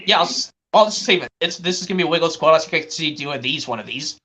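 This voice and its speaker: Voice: medium pitch, lively intonation, fast, bright, forceful tone, slight background noise. A stream host talking casually and rambling, with frequent restarts. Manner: chatty, rambling, restarts often. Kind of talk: casual chat on a live stream.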